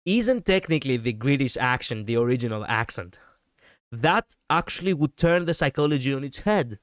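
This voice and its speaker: A man's voice: mid-range voice, animated, moderate pace, no echo, studio quality. A man chatting casually on a livestream as a VTuber, rambling and laughing often while he responds to viewers. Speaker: VTuber streamer.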